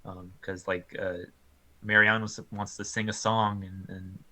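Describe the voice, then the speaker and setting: A man co-hosting a casual film review chat, animated and full of ums and likes, often laughing as he retells scenes. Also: lowish voice, a little slow.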